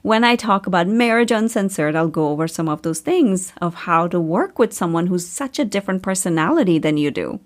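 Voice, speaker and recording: A middle-aged woman, a podcast host and coach, telling a personal story in a chatty, animated way and laughing often. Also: brisk, few pauses. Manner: chatty, animated, laughs often, pitch jumps up when excited.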